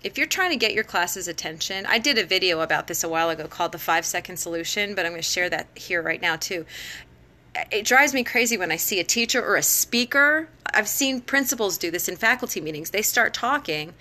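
Woman, middle-aged, bright and chatty host, live-stream advice talk, easy laughs. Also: mid-range voice. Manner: conversational, frequent laughs and fillers. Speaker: teacher and education blogger. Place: home, live phone broadcast.

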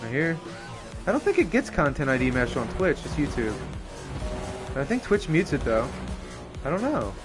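A young man giving casual, profane live commentary on a racing game, excitable and often laughing. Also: on the high side, moderate pace, long pauses, music in the background. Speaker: streamer.

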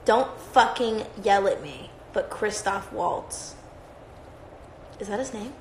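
A woman hosts a livestream, chatting in a rambling, profane, casual style. Her voice is medium-pitched with lively intonation and a slow pace. The recording sounds roomy and echoey, with slight background noise.

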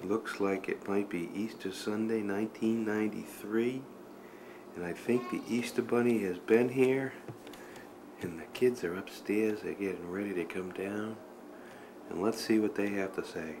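A man's voice: on the low side, fairly even intonation, moderate pace. A man, a father filming a home video, chatting to the camera and cooing to his baby. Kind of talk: casual home video narration. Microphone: camcorder microphone. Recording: hissy old camcorder tape.

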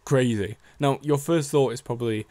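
Young guy w a sheffield accent, slangy rambling chat, self-deprecating, medium pitch. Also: normal speed, a little mellow, dry recording. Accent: Sheffield English. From Sheffield, England. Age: young adult. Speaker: rapper and music producer. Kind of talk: casual vlog storytelling.

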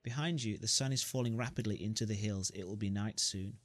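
A man's voice: on the low side, brisk, no echo. A man reading the narration of a story game aloud, with joking asides. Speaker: gamer.

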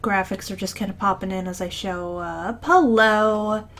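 Woman host for game commentary, slow and halting delivery, faint hiss in the background. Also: mid-range voice, fairly even intonation, a bit bright. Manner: hesitant, rambling with many fillers and restarts. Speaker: let's play commentator. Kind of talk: casual gameplay commentary.

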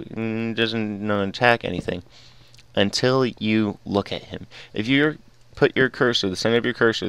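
A man's voice: lowish voice, fairly bright tone, smooth, no room sound. A man giving casual, rambling gameplay commentary as host of his gaming videos, often digressing.

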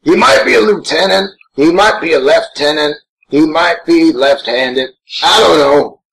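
A man's voice: on the high side, lively intonation, a little slow, creaky, a bit bright, full character voice, poor audio. A man voicing a gigantic, grouchy green monster as co-host of a crude, rambling in-character watch-along commentary. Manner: crude, brash and rambling, swears a lot.

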